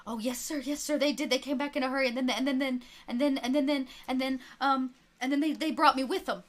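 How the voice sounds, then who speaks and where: A woman voicing a jittery young boy with a high voice who stammers and trips over his words in his eagerness to please. He sounds like a child character from a tabletop game, voiced by the game master. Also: steady tone, brisk, lightly acted. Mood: eager.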